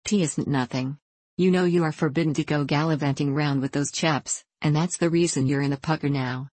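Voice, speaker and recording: A woman's voice: low voice, fairly even intonation, a little fast, darkish tone, no room sound. A woman reading a frank, earnest country girl. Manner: plain-spoken and earnest.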